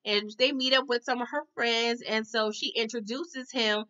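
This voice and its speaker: Woman, casual tv recap, higher voice, bright, chatty and slangy, dull lo-fi sound. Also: fairly even intonation, moderate pace. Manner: chatty, slangy, laughs and asides. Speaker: TV episode reviewer.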